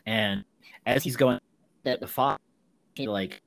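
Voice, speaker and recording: In a laid-back film discussion, this podcast co-host recounts a movie's story and performs the characters' lines loudly. His voice is fairly low with vocal fry, he speaks slowly, and there's no echo.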